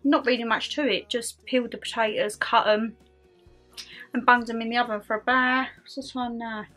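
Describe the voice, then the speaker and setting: Bright-voiced chatty woman vlogger. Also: fairly high pitch, fairly even intonation, moderate pace, faint music behind. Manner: chatty, self-mocking, talks with her mouth full. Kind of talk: casual chat to camera while eating.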